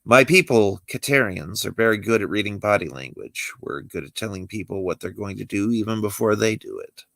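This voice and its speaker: Casting: man reading a cautious furry cat-man stowaway, low gravelly voice, mumbled and dry. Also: expressive, a little fast, fairly bright tone, dry recording. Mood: wary. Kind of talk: amateur script read-through.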